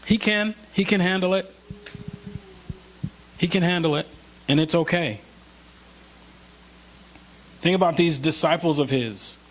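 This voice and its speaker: High-voiced man preaching conversationally. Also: a little hiss or hum. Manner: conversational, slows for scripture, rises when pleading. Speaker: pastor. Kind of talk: sermon. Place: church.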